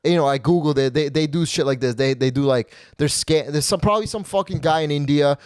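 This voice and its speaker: A man's voice: on the high side, brisk, clean tone, no echo, clean studio sound. A man hosting a comedy podcast, telling stories in a rambling, profane way and often tacking on "okay?" and "right?". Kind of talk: casual comedic storytelling.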